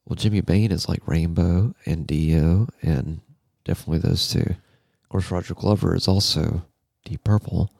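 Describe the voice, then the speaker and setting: A man talking casually and animatedly about bass players, swearing and going off on nerdy tangents, with music playing behind him. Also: moderate pace, gravelly, darkish tone, no echo, clean studio sound.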